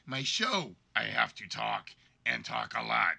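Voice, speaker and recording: Congested, bright-voiced man with a cold. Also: fairly low pitch, sing-song, measured pace, gravelly, breathy edge. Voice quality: weakened, congested voice. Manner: rambling, apologetic storytelling. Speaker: game show host. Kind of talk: casual livestream chat.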